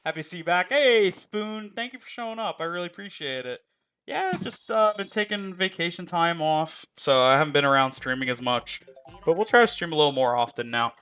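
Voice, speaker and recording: A man's voice: on the high side, animated, fairly quick, a bit bright, clear, resonant tone. A man streaming a game live, chatting casually in a profane, joking, rambling way. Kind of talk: casual chat while playing a game live.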